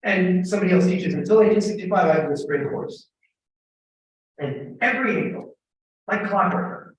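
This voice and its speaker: A middle-aged man, a professor giving a humorous storytelling talk, animated and joking with bursts of emphatic shouting. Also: mid-range voice, lo-fi sound. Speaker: guest lecturer, professor. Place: large echoing temple hall. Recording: echoey hall from far off.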